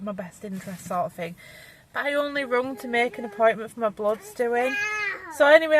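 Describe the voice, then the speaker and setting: A woman's voice: mid-range voice, a bit bright. A pregnant woman, talking through her day in a chatty, rambling, frank way to her viewers. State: pregnant, tires easily. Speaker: vlogger. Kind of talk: casual vlog chat to camera.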